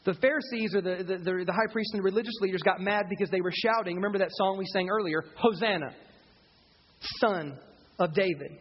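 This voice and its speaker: A man's voice: sits high, a little fast, a little hiss or hum. A male pastor preaching a live sermon to his congregation, asking them rhetorical questions. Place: church service. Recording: dull sound in a reverberant hall.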